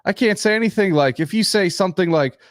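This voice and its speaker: A man's voice: high voice, fast talker, no room sound, studio quality, pitched above the performer's own voice, lightly acted. A man putting on a grumbling old customer. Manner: folksy, complaining.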